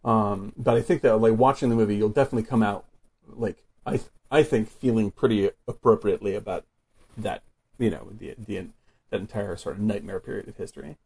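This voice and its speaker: A man with a gravelly, husky voice hosts a relaxed film chat. He talks loosely and fills his sentences with "like". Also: fairly low pitch, fairly quick. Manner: chatty, fills with "like". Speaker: podcast host. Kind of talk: casual film discussion.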